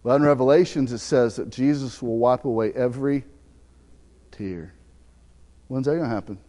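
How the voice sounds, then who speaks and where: Man, Southern US accent, middle-aged, folksy storytelling preacher, loud to hushed, mid-pitched voice, long church reverb. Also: moderate pace. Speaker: pastor. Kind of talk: sermon with personal story. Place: church sanctuary.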